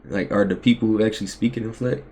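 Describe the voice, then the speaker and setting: A man's voice: fairly low pitch, steady tone, fast, darkish tone. A man in casual podcast chat, rambling and searching for his words as he asks questions. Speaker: podcast host.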